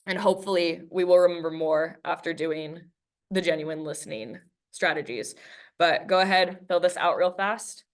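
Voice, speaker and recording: Her voice is on the low side and her pace is normal. A woman teacher chats with students in a recorded lesson and reads a book aloud, giving the quoted dialogue a performance in a conversational manner.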